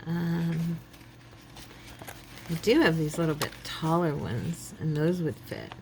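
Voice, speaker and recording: A woman chats to her viewers while crafting at home, thinking aloud in a relaxed, self-deprecating way. Her voice sits low with a gravelly fry. A faint hiss runs behind her. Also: slow. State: yawning, relaxed. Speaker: craft channel host. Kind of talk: casual crafting chat to viewers.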